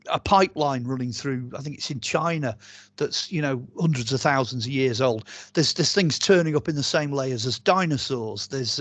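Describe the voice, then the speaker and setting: A man from the UK, an archaeologist and author telling stories as a guest in a casual interview, chatty and animated, rambling with many fillers and restarts. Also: mid-range voice, no room sound.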